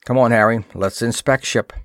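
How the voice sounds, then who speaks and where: A man's voice: mid-range voice, fairly even intonation, moderate pace, a bit bright, dry recording, studio quality, lightly acted. A man voicing a stern male spaceship commander who gives clipped, decisive orders. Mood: commanding.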